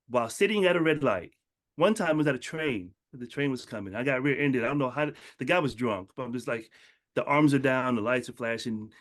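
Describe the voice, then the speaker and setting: Animated man telling stories to motivate. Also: mid-range voice. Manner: storytelling, acts out quotes in animated voices. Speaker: motivational speaker. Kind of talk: casual motivational talk.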